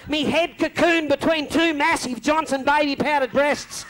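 An Australian man telling a long comic story on stage, lively and broad, slipping into mimicked voices. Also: extremely high pitch, normal speed, hardly any pauses, slight background noise. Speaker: comedian telling stories on stage. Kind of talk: live stand-up storytelling. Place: club stage before a live audience. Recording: faint crowd ambience from a live venue.

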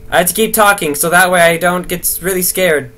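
A young man rambling nervously through horror game commentary, swearing and talking to himself to stay calm. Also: high-pitched, brisk. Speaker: gaming video host.

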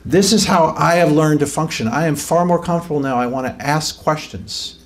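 A fairly high-voiced man gives an informal teaching sermon. He talks conversationally, keeps asking his listeners questions, and then builds up to emphatic peaks. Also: moderate pace. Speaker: pastor.

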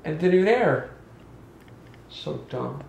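A man's voice: on the high side, animated, unhurried, gravelly, darkish tone. A young man grumbling at home in casual family talk, a bit sarcastic. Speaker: family member. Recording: roomy, faint noise.

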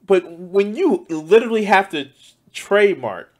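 A man's voice: high voice, expressive, unhurried. A man giving loose, profane reaction commentary as a streamer, often exclaiming and laughing. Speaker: streamer reacting to news clips.

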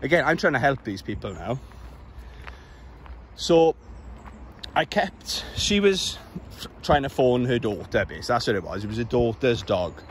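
A man's voice: mid-range voice, animated, moderate pace, pauses often. A Welsh man talks into a handheld camera while out walking on suburban streets. His storytelling rambles and sounds exasperated, with the odd swear word. Faint traffic hums in the background. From Wales. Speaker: vlogger.

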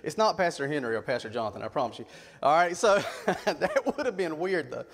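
A middle-aged man, a youth pastor telling folksy, animated stories in a sermon. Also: on the high side, a little fast. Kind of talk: sermon storytelling. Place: church sanctuary. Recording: long church reverb.

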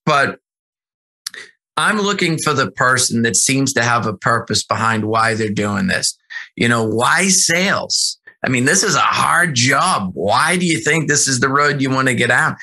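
Bright, animated man talking sales. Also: medium pitch. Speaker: sales executive guest. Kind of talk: casual podcast interview.

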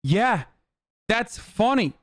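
A man's voice: sits high, big pitch swings, slow pace, dry recording, clean studio sound. A man streaming live, reacting to chat and clips in a heated, profane rant. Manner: argues directly with chat.

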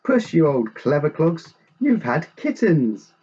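A man's voice: medium pitch, sing-song, takes it slowly. An old grandfather in a storybook, fond of his cat and easily flustered, exclaiming with a lot of swing in his voice, as a man reading aloud puts him on. The sound is dull and lo-fi, with a faint hiss underneath. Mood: delighted.

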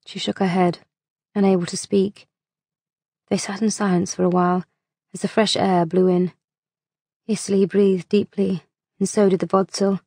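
A woman narrating an audiobook in a measured, unhurried reading voice on a close mic. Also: mid-range voice, flat delivery, dark tone, husky, dry recording.

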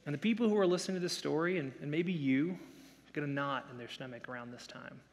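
Pastor, male, high-pitched, casual storytelling sermon with voiced quotes, reverberant church hall. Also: fast talker. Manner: conversational preaching with playful asides and acted quotes.

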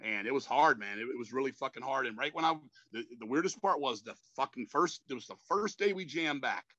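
A man's voice: mid-range voice, lively intonation, fairly quick, fairly bright tone, dry recording, muffled recording. A man in his fifties, a metal frontman, telling stories in a rambling, profane way and ending lines with "man". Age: 50s. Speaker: metal band frontman, guest. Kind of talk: casual interview storytelling.

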